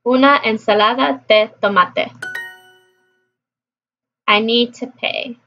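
Slow, chatty woman on a dull lo-fi track. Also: a little high, steady tone, faint music behind. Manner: chatty, repeats app phrases aloud. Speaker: language learner vlogger. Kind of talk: casual chat. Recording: dull lo-fi recording.

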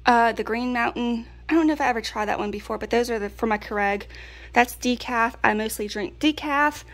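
A woman's voice: on the high side, fairly quick. Chatty woman vlogger. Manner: chatty, folksy, laughs often. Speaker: prepping vlogger. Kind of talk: casual pantry haul chat.

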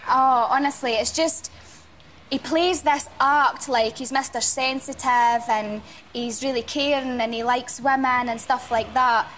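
A woman's voice: high-pitched, steady tone, unhurried, a bit bright, slight background noise. A young woman from Scotland with a strong Scottish accent, speaking bluntly and laughing often in a studio interview. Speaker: evicted reality show contestant. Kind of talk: casual chat interview.

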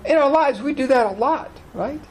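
A man preaching a sermon as pastor of a church, animated, often asking the congregation questions. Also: very high voice, normal speed, low-quality recording. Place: church hall.

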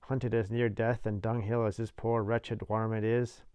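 A ragged, fierce escaped convict growls out his words in rough country dialect, as a man reading a storybook puts him on. The voice sits higher and louder than a plain read, yet stays smooth and resonant. The sound is dry and close. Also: little pitch movement, normal speed, dry recording, natural voice. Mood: gruff. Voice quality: rough rural dialect, gruff. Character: gruff, hungry escaped male convict, fierce and wary.

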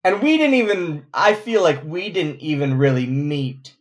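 Halting self-mocking man host. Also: on the high side, expressive. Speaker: podcast host. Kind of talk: casual chat.

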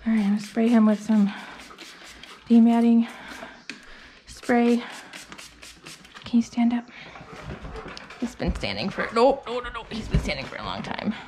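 High-voiced woman coaxing a dog. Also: expressive, unhurried, pauses often, mellow, slight background noise. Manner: soothing and coaxing, talks to the dog. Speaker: dog groomer. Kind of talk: casual narration while grooming a dog. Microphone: phone.

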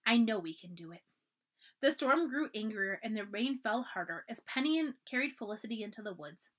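Expressive woman reading a storybook. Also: medium pitch. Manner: expressive, often hushed for drama. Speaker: librarian reading a children's book. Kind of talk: storybook read-aloud.

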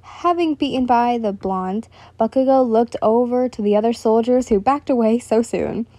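A woman's voice: fairly high pitch, moderate pace, mellow, dry recording. A woman reading fan fiction aloud in a casual way, correcting her slips as she goes.

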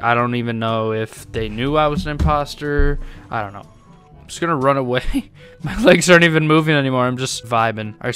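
A young man giving excitable let's-play gaming commentary, swearing often and laughing a lot. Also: medium pitch. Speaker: gaming YouTuber.

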